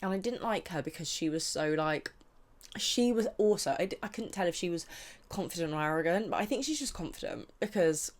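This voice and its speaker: A young woman with a low-pitched voice chats loosely into her podcast mic. She rants bluntly, with plenty of slang and animated swings between loud outbursts and muttered asides. She sounds loose and chatty after a boozy brunch. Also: a little fast. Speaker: podcast host. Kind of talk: casual chat.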